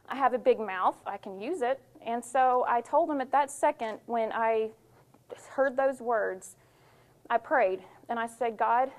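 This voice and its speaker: A young woman, a cookbook author, giving a candid personal testimony to an audience. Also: a little high. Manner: candid, storytelling, emotional swings.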